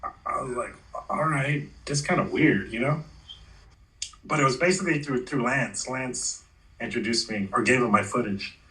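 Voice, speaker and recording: A man's voice: mid-range voice, moderate pace, a bit bright, distant mic, low-quality recording. A man in his forties, a former pro skater, telling stories in a laid-back, slangy way and acting out the quotes. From Los Angeles area. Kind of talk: casual storytelling interview.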